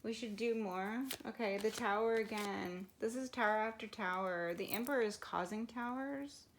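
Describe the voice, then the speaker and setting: A woman's voice: mid-range voice, normal speed, slight background noise. A woman doing a casual tarot reading for her viewers, musing aloud and laughing often. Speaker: tarot reader.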